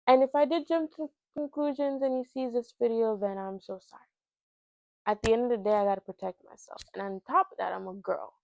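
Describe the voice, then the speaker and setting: A young woman telling a dating story in a casual vlog, sassy and animated as she acts out both sides of the conversation. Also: fairly high pitch, gravelly, no echo, lo-fi sound. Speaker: storytelling vlogger.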